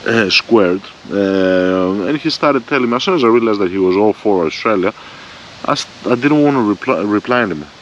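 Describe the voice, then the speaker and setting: With a fairly low voice, lively intonation and a normal pace, a man in his forties rants bluntly and profanely through a rambling motorbike vlog. The bike-mounted front camera records him outdoors, producing dull lo-fi audio with faint vehicle noise.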